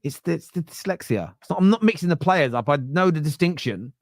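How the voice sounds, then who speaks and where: A man from London's East End with a Cockney accent, hosting a live football watchalong in a chatty, self-mocking way and breaking into shouted excitement at near misses. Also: a little high, fairly quick, no room sound, studio quality. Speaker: watchalong host.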